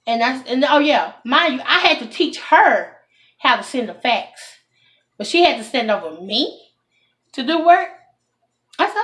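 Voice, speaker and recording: A woman telling a storytime to her viewers, animated and indignant, calling them y'all. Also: on the high side, moderate pace. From Texas. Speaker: vlogger. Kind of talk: casual storytime talk to camera.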